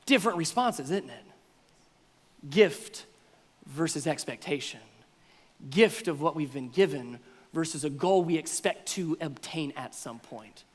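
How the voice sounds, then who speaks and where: Male pastor, high-pitched, animated sermon delivery, reverberant sanctuary. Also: unhurried, pauses often. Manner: animated, acts out voices of congregants with playful exaggeration. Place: church sanctuary.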